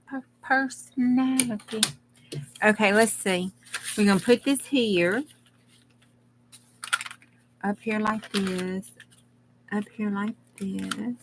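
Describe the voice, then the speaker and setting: Background noise sits under this woman's medium-pitched voice. As a crafting livestream host, she rambles along casually with her audience while working on her project.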